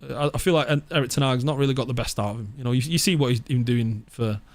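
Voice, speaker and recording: A man putting on a Scottish accent to voice a gruff old football manager giving a team talk. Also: mid-range voice, quick pace, no room sound, pitched below the performer's own voice, natural voice. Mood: earnest. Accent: put-on Scottish.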